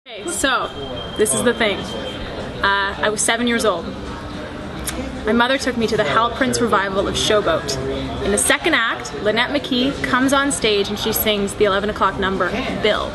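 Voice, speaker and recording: A woman's voice: medium pitch, moderate pace, a crowd in the background. A young adult woman, an actress and screenwriter, answering interview questions in an enthusiastic, chatty way, laughing often and restarting her sentences.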